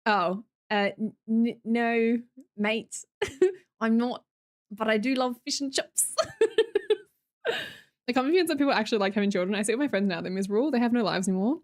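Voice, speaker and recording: A woman's voice: a little high, lively intonation, brisk. A young Australian woman streamer chatting casually with her viewers, blunt and sweary, laughing often.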